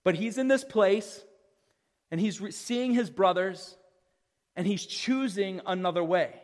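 A man's voice: sits high, unhurried. A man preaching a sermon in a loose, conversational way, often restarting his phrases. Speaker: pastor. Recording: long hall reverb.

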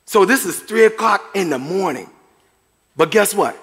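A man's voice: high voice, lively intonation, moderate pace, a bit bright. A middle-aged man preaching a sermon to a congregation, chatty and conversational, with chuckles and asides. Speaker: pastor. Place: church sanctuary. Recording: long hall reverb.

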